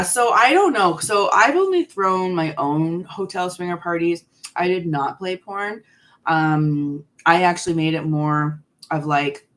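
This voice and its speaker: A woman's voice: deep voice, fairly bright tone. A woman in her forties hosting a live stream, chatting candidly and answering viewers' questions while snacking on candy. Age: 40s.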